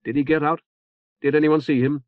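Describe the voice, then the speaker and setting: A man voicing a calm young male leader who speaks in a measured way. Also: fairly high pitch, dry recording, close to an everyday voice. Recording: tinny phone-like band.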